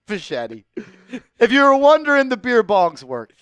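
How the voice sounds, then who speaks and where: A man hosting a fan live stream, calling plays and giving chat shout-outs, bursting into shouts and sing-song calls on big shots. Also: very high-pitched, unhurried, clean tone, no echo, muffled recording. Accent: New York. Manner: shouts and sings-along on made baskets, then calmer commentary.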